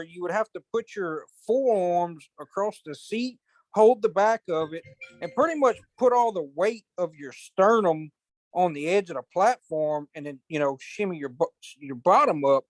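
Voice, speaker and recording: A man's voice: high-pitched, no echo. A man telling rambling, colloquial hunting stories in casual chat. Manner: rambling, colloquial, drawn-out storytelling with cursing. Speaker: podcast host.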